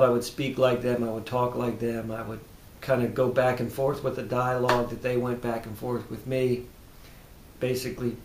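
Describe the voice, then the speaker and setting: A man who practices tapping therapy, speaking calm, repetitive self-affirmations that often drop to a hushed tone, then explaining his method. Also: creaky. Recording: roomy echo with faint rumble.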